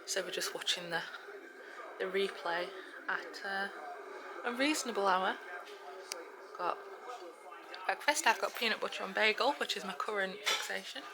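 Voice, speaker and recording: A woman's voice: mid-range voice, normal speed, pauses often, background noise. A young woman, chatting casually to camera in her vlog, upbeat and a bit breathless. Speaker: vlogger.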